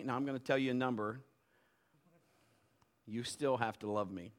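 A middle-aged male pastor preaching a sermon in a lively, conversational way, acting out little quotes. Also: mid-range voice, moderate pace, long pauses.

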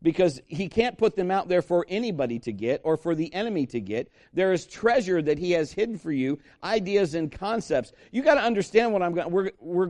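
Emphatic preaching man, slightly high voice. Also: darkish tone. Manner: emphatic preaching with call-and-response. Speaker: pastor. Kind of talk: sermon.

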